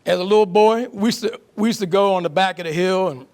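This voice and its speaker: Folksy older man, slightly high voice. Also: fast talker, darkish tone. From Pennsylvania, USA. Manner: folksy, repeats himself, says man and brother. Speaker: guest author. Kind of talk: casual interview.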